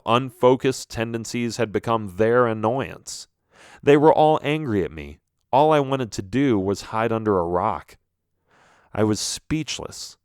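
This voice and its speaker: A man reads a children's story aloud in the first person, his voice swinging up and down with animated expression. The sound is close and dry, with no room around it. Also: on the low side, no room sound. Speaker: audiobook narrator.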